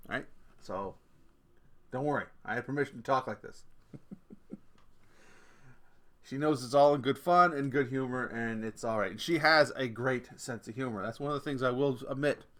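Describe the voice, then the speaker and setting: A man's voice: mid-range voice, a bit bright. A man in his forties hosting a podcast, telling stories in a casual, chatty way, laughing often and swearing casually. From Canada. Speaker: podcast host. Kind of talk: casual storytelling rant.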